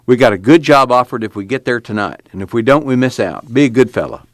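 A man's voice: medium pitch, animated, fast talker, no room sound, clean studio sound, lightly acted. A man voicing a blunt, impatient young man driving his family's truck, in rural dialect.

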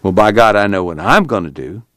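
A man's voice: fairly low pitch, expressive, a little fast, fairly bright tone, no echo, studio quality. A man voicing a brash, hot-tempered young man who blurts out blunt, swearing questions.

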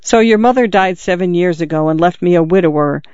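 A man's voice: sits high, brisk, a little mellow, clear, resonant tone, no room sound, lo-fi sound, close to an everyday voice. A man voicing a wounded, dying middle-aged father who speaks earnestly and urgently to his son while out of breath. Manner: urgent, confiding, pleading. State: in pain, out of breath.

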